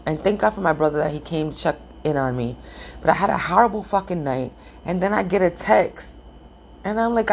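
A woman who has just woken up speaks in a low, gravelly voice, venting and swearing through a casual morning vlog. A faint hiss of background noise sits under her words, and she sounds frustrated and fed up. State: just woke up. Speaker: vlogger.

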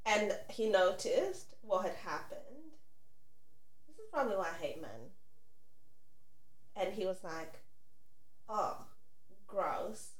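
A woman's voice: mid-range voice, very animated, a little slow, long pauses, reverberant. A young woman hosting a podcast, telling an embarrassing story candidly and crudely, laughing through tears. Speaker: podcast co-host. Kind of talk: casual storytelling.

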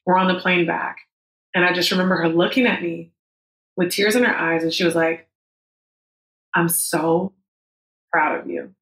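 A woman's voice: on the low side, fairly even intonation, fairly quick, fairly bright tone. A woman in her thirties telling a personal story as a podcast guest, candid and emotional, with frank swearing. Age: 30s. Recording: roomy echo.

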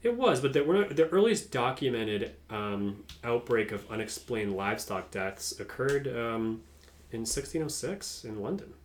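A man co-hosting a casual podcast, laying out the topic in a relaxed, halting way. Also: medium pitch, a little hiss or hum. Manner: relaxed, halting, many fillers. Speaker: podcast co-host presenting the topic.

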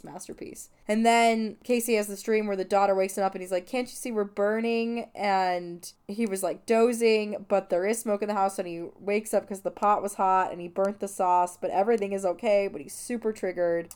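A woman's voice: mid-range voice, a little mellow, smooth. A woman hosting a film podcast, retelling a movie scene by scene in an emotional, gushing, chatty way. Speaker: podcast host. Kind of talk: casual film recap.

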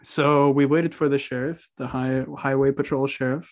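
A young Norwegian man appears as a podcast guest, telling a story in a relaxed way with lots of swearing and laughter. His voice is medium-pitched, with fairly even intonation and a normal speed.

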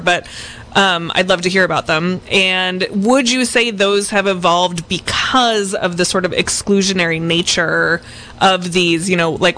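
A woman hosting a podcast, interviewing guests with eager, quick questions. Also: on the low side, pushed and bright. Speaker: podcast host.

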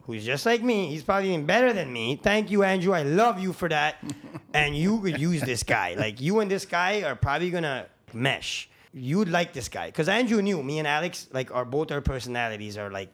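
A man with a fairly high voice tells stories in a casual, animated way. His speech is slangy and profane, and his sentences run on quickly. He talks as a guest on a podcast. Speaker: podcast guest, construction crew founder. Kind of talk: casual storytelling.

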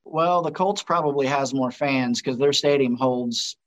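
Male guest from Indiana, brief relaxed answers, understated. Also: a little slow, low-quality recording. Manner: brief, low-key answers. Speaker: interview guest. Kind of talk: casual interview answers.

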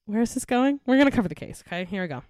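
A young true crime podcast co-host chats with her friend, then narrates a murder case from her case notes, giggling and laughing often. Her medium-pitched, slightly mellow voice is expressive and very fast, recorded at studio quality with no echo.

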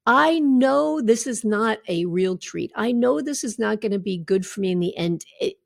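A woman's voice: on the high side, lively intonation, normal speed, vocal fry, dry recording, clean studio sound. A middle-aged woman health coach talking candidly and conversationally, with asides to her listeners. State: recovering from a draining treatment. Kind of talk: casual personal talk to followers.

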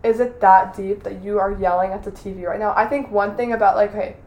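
Animated young woman, roomy echo. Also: medium pitch, brisk. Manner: animated, exaggerated outrage, laughs often. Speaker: podcast co-host. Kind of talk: casual chat.

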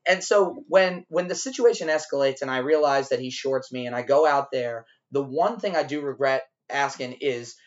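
A man's voice: medium pitch, normal speed, few pauses, muffled recording. Profane man telling a bar story. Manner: animated, profane, acts out shouting in quotes. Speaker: podcast co-host. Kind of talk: casual storytelling over drinks.

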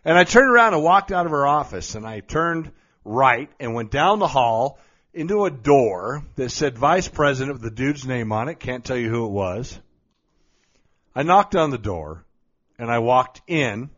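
A man at a mid pitch tells a motivational story in a blunt, emphatic way and drops some mild cursing. The recording is a bit muffled and lo-fi. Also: lively intonation, moderate pace, fairly bright tone. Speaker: motivational speaker. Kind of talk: storytelling monologue. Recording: slightly dull lo-fi recording.

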